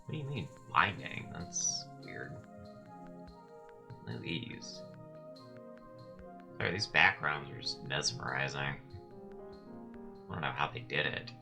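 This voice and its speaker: A man's voice: very deep voice, expressive, slow pace, vocal fry, long pauses, over music. A man commentating his gameplay in a casual way, muttering wry asides and sarcastic quips, and sometimes reading the game text aloud.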